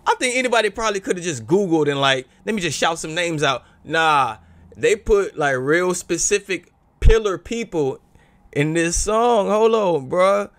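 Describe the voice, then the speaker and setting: A young adult man hosting a casual reaction video, slangy and animated, bursting into loud exclamations. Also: high voice, normal speed, no echo.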